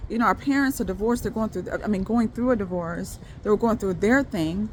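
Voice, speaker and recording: A woman's voice: mid-range voice, a little fast, slight background noise. A woman telling a personal faith testimony straight to her viewers in casual talk, rambling, restarting and repeating words as she goes. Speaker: faith video creator.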